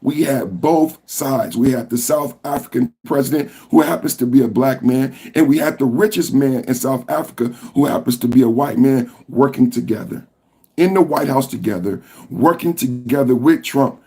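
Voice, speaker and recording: A man hosting a political commentary podcast, talking with passion and profanity and at times rising to shouts. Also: medium pitch, moderate pace, slightly rough. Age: adult with a school-age son. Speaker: podcast host.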